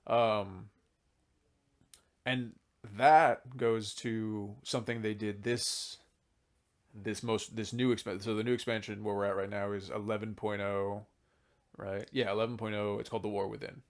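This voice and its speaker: A man with a fairly low voice hosts a casual podcast while a little drunk. He rambles loosely through game lore and drops a casual swear now and then. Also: little pitch movement, measured pace. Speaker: podcast host.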